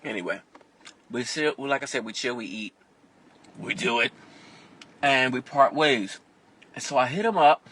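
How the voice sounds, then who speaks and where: A man vlogging from inside a car, telling a candid, profane personal story with animated delivery. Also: medium pitch, unhurried, pauses often, slightly rough. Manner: animated and profane, acts out other people's voices.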